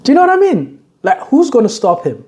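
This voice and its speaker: A man's voice: extremely high pitch, wildly swooping pitch, fast talker, mellow. Laid-back young man riffing. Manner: mocking, laughing, slangy asides. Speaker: commentator reacting to news clips. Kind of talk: casual reaction commentary.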